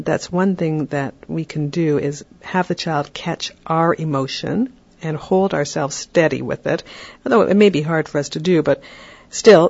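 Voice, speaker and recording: Calm podcast host, slightly muffled. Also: mid-range voice. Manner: calm, explanatory, with frequent um and right. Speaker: podcast host giving parenting advice. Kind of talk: advice talk on a podcast.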